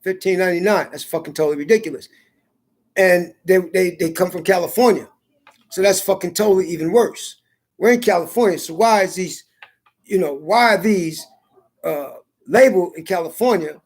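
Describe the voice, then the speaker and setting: A man's voice: high voice, normal speed. A man rambling in a casual monologue, cursing often and repeating words as he goes. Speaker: vlogger.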